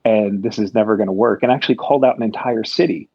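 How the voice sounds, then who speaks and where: In a low, gravelly voice with a husky edge, an American man talks politics casually and fast, rambling and restarting his thoughts with many fillers. The recording sounds dull and lo-fi, with no echo.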